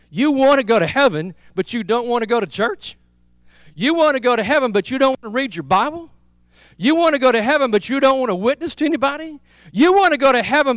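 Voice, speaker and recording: A man's voice: high-pitched, fairly bright tone, smooth, dry recording. A man preaching a sermon as a pastor, telling stories and building to repeated rhetorical questions.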